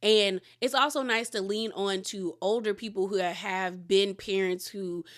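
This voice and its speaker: A woman's voice: medium pitch, steady tone, a little slow. Chatty woman recapping reality TV. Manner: rambling storyteller, acts out the cast's lines. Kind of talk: casual chatty episode recap.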